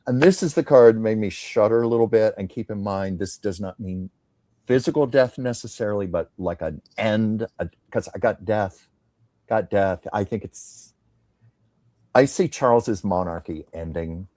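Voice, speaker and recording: A man's voice: lowish voice, normal speed, no echo, studio quality. A man hosting a casual tarot reading chat, conversational and musing. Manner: conversational, musing, drops to soft tones. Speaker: psychic tarot reader, host.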